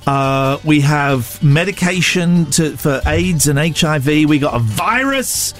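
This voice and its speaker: A man hosts a radio show in rambling, jokey chat. His voice sits a little high and swings widely as he riffs. Faint music runs under the talk. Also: unhurried. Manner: rambling, jokey, animated storytelling. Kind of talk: casual chat.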